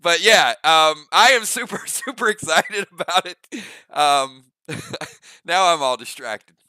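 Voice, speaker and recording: A man hosting his gaming channel in casual chat, excited and quick to laugh, with lots of fillers and restarts. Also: fairly high pitch, no room sound.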